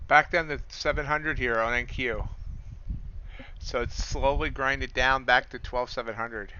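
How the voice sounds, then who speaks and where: A man hosting a live trading stream, talking casually in a loose, rambling, self-deprecating way with a smooth radio-style voice. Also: mid-range voice, steady tone, a little slow, pushed and bright, dull audio, slight background noise. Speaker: livestream trading host.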